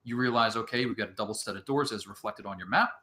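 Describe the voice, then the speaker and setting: A man narrating as game master of an online tabletop game, halting often with filler sounds between phrases. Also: lowish voice, bright, forceful tone.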